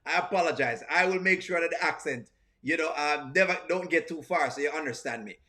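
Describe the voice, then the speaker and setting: Bright, high-voiced man with a strong accent, lively stream host reacting to skits and reading chat. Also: brisk. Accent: strong non-standard English accent. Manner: animated, repeats himself, greets chat. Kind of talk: live-stream reaction commentary.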